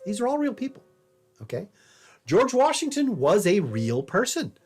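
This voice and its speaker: A man's voice: sits high, wildly swooping pitch, normal speed, breathy edge. A man giving a recorded history lecture as a professor, conversational and wry, telling stories along the way. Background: faint jazz piano.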